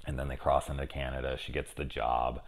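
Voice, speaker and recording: A man hosting a casual review show, thinking aloud with many fillers and swinging between loud excited questions and low mumbles. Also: a little fast. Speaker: TV review host. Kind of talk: casual spoiler discussion.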